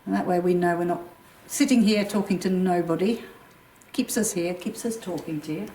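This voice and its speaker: A chatty woman calls out gently to spirits as a paranormal investigator. She sits away from the mic in an echoey tunnel, with a faint hiss underneath. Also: fairly low pitch, normal speed, distant mic. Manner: chatty and laughing. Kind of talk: casual chat, calling out to spirits.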